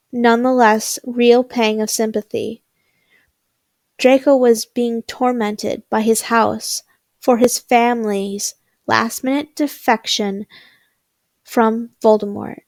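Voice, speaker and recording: A young woman reading fan fiction aloud, slowly, with frequent stumbles and restarts. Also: fairly high pitch, darkish tone, no echo, studio quality. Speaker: fanfiction reader.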